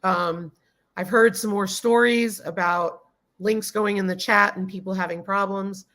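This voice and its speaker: Woman hosting a live stream: casual and chatty, reads out the chat, greets viewers warmly, mid-pitched voice. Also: steady tone, a little slow. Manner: gushing and grateful toward viewers. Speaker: livestream host.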